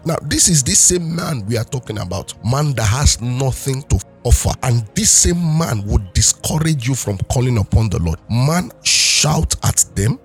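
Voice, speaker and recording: A man's voice: medium pitch, creaky. A man preaching a sermon, fervently repeating and calling out prayers. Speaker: pastor.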